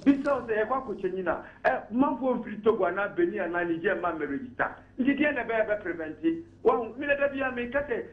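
High-voiced fast Ghanaian caller, echoey line. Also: male voice, lively intonation, highs cut off. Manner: emphatic, switching between Twi and English. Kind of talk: radio call-in commentary.

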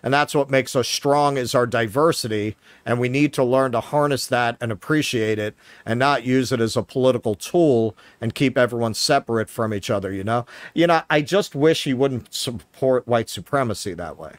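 A man's voice: medium pitch, normal speed, hardly any pauses, dry recording. A man with a New York accent co-hosting a political commentary show, sarcastic and profane, reading news aloud with mocking asides. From Queens, New York. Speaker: podcast co-host.

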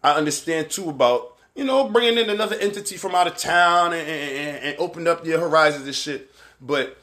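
A man with a Barbadian accent hosting a livestream show, talking candidly and with plenty of profanity, rambling between points and shouting out viewers by name. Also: fairly high pitch, brisk. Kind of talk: casual live-stream commentary.

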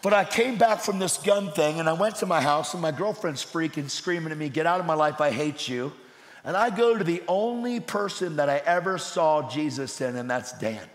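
A man's voice: a little high, lively intonation, moderate pace, hardly any pauses. Intense preacher man in a reverberant hall. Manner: intense, swings from shouting to hushed. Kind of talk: sermon. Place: church sanctuary. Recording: roomy hall with long reverb.

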